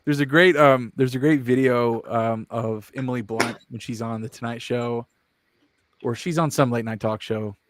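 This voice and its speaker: A man's voice: mid-range voice, fairly even intonation, normal speed, background noise. A man hosting a podcast, asking friendly follow-up questions in a casual, conversational way. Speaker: podcast host. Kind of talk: casual interview chat.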